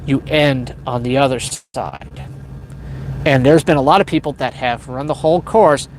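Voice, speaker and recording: A man's voice: medium pitch, lively intonation, normal speed, slight background noise. A man hosting a livestream, telling a long story in a casual, rambling way, correcting himself and chuckling often. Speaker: livestream host. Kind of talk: casual spoken storytelling to a live chat.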